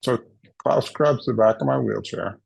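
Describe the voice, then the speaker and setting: A man's voice: medium pitch, moderate pace, creaky, a little mellow, slightly rough, dry recording. A man telling a funny personal story at a summit, playfully acting out the voices he quotes. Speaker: summit speaker. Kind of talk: humorous personal storytelling talk. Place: recorded for a virtual summit.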